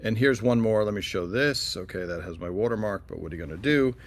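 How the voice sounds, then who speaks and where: A man's voice: fairly low pitch, quick pace. A man hosting a casual livestream, rambling and chatty as he answers viewer questions with many fillers and asides. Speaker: livestream host.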